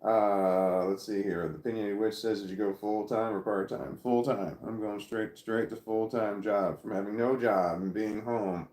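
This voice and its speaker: A middle-aged man streaming casually from home, his voice sitting low. He reads viewer comments aloud and drifts between thoughts, often stopping and restarting mid-sentence. The room around him rings with a noticeable echo. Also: steady tone, moderate pace, few pauses, darkish tone. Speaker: livestreamer reading chat. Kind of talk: casual livestream chat.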